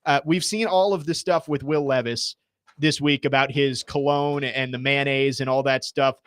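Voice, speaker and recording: A man's voice: medium pitch, steady tone, moderate pace, no echo. A young man hosting sports talk radio, reading listener texts aloud in an easygoing way and chuckling as he goes. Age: young adult.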